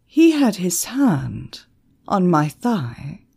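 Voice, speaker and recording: A woman's voice: fairly low pitch, big pitch swings, drawn-out words, creaky, dark tone, breathy edge, heavily acted. A woman voicing a cool, commanding female former spy who speaks in a cold, controlled way.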